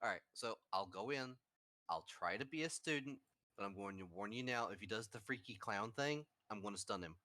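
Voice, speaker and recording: A man joking as a player in a tabletop role-playing game. His voice is low-pitched yet bright and forceful. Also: animated, brisk. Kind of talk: casual tabletop game talk.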